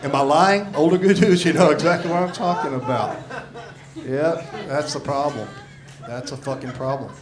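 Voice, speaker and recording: A man in his sixties doing a gruff, profane, self-mocking stand-up comedy set on a club stage. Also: on the high side, moderate pace. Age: 60s. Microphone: handheld stage mic. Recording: live club recording with crowd laughter. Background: audience laughing.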